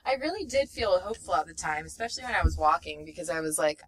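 Young woman guest, low-ish bright voice, chatty and rambling, slightly distant mic. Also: animated, fast talker. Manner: rambling, full of fillers, laughs often, acts out quotes. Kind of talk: casual storytelling chat.

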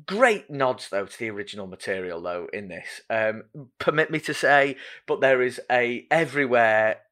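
A man's voice: mid-range voice, lively intonation, normal speed, fairly bright tone. A man hosting a podcast, chatting casually with self-deprecating asides and plenty of ums. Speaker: podcast host. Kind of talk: casual chat.

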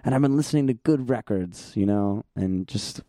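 A young man hosting a casual solo podcast, hoarse and tired, rambling along in a self-deprecating way and laughing often. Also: normal speed, warm tone, no room sound, studio quality. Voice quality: gravelly, sandpapery. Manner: low energy, tired. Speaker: podcast host.

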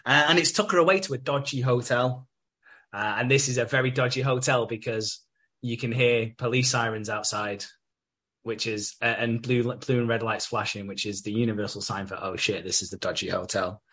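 A man's voice: mid-range voice, steady tone, moderate pace, pushed and bright. A man co-hosting a podcast, rambling through a soap recap in casual chat with many fillers and swearing. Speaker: podcast co-host.

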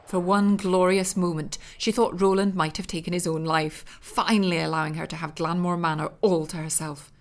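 A woman narrating a comic story in a dry, deadpan manner. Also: fairly low pitch, normal speed, hardly any pauses.

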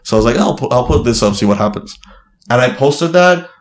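A young Miami comedian, appearing as a podcast guest, tells a rambling, profane story packed with fillers. His medium-pitched voice is animated and a little fast, with a noisy background and a roomy echo on the recording.

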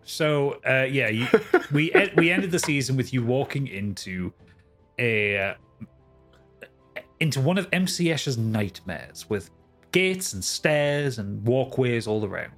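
A man's voice: medium pitch, lively intonation, unhurried, a bit bright, soft background music. A man running a tabletop game, chatting casually and laughing with his players. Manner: laughing, sweary banter. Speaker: game master.

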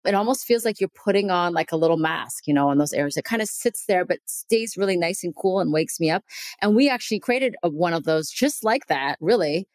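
Woman guest on a remote call, lowish pitch, dry mic, easy laughing chat. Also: animated, brisk, no room sound. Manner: warm, chatty, laughs easily. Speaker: dermatologist guest. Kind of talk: casual podcast chat.

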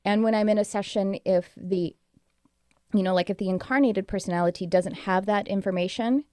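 A woman's voice: mid-range voice, brisk, a little mellow, smooth, no echo, clean studio sound. A woman guest in a casual interview, telling rambling, earnest stories about her work. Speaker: guest, animal communicator.

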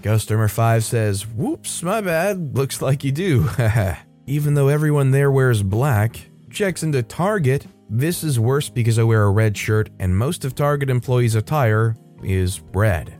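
A man reads reddit stories aloud at a brisk clip and adds wry comments between them. He speaks in a mid-range voice and briefly changes it for the quoted people. Faint guitar music plays under his voice. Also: mid-range voice, lively intonation, darkish tone. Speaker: story narrator.

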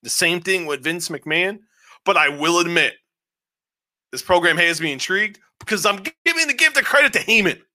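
Bright-voiced man rambling through a review. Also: sits high, normal speed. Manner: rambling, animated recaps with frequent swearing. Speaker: podcast co-host. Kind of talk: casual show review chat.

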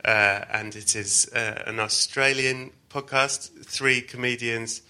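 Sharp-voiced joking man. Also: mid-range voice, steady tone, slow. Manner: joking, laughing, cheeky. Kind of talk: casual chat.

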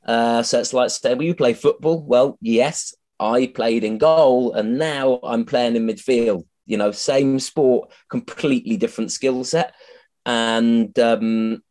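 A man's voice: mid-range voice, fairly even intonation, slow pace, a little mellow. A man, a comedian being interviewed on a podcast, chatty and self-mocking, swearing freely and often restarting his sentences. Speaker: comedian guest.

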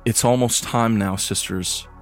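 A man's voice: lowish voice, fairly even intonation, a little slow. A man voicing a scheming sorceress who mocks her sisters with cold condescension, in a tabletop game with music behind. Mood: mocking. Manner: mocking, condescending.

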